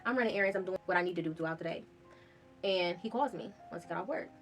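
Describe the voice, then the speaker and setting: A woman's voice: fairly low pitch, fast, soft background music. A woman vlogger telling a personal story in a candid, casual way, swearing freely.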